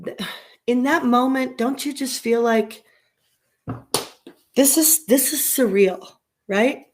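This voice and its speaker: A woman's voice: a little high, slow, darkish tone. Impassioned middle-aged woman streaming live. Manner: impassioned, repeats herself. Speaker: livestream host. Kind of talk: casual livestream talk. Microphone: internet stream with choppy audio.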